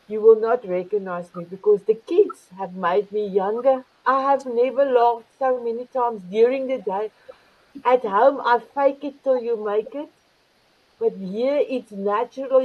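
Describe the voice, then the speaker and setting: A woman's voice: fairly high pitch, breathy edge. An older woman hosting an online talk show, effusive and affectionate with her guests, heard over muffled video call audio. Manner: effusive, calls guests beautiful. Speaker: host.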